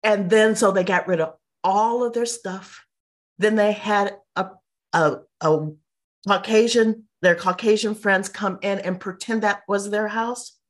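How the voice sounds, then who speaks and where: A middle-aged woman, an interview guest, telling personal stories in a lively, casual way and acting out what people said. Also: mid-range voice, a little slow. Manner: animated, mimics people in quotes.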